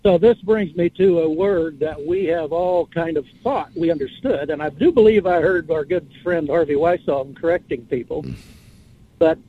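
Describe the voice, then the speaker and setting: A man's voice: fairly high pitch, normal speed, husky. Rambling man on a tinny phone line. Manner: rambling, musing storyteller who spells out words. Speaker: caller. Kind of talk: casual call-in chat.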